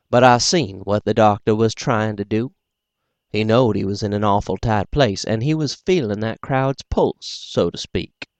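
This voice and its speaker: A man narrating a folksy first-person story in a plain, unhurried way for an audiobook. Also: fairly low pitch, darkish tone, dry recording.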